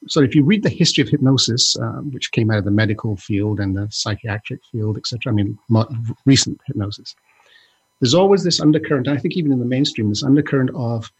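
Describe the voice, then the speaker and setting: Gravelly, husky man rambling in podcast chat. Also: mid-range voice, quick pace. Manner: rambling, self-interrupting, joking. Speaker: podcast co-host.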